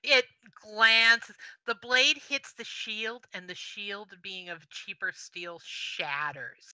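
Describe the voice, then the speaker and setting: A woman game master narrates a tabletop fantasy scene at a slow, deliberate pace. Her voice is bright, sharp and smooth, and the recording is dry and close. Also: mid-range voice, dry recording, poor audio. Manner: unhurried scene narration with fillers.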